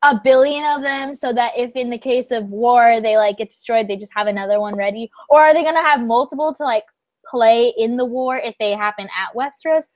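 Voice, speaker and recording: Young woman host, high pitch, dry close sound, animated and swearing casual chat. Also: brisk, dry recording. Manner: animated storytelling, frequent swearing. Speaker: channel host.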